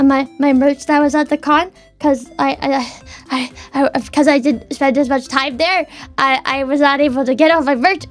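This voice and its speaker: A young woman streamer chatting casually from her desk at home, stammering and repeating words as she talks heartfelt. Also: sits high. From Canada. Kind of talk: casual chat.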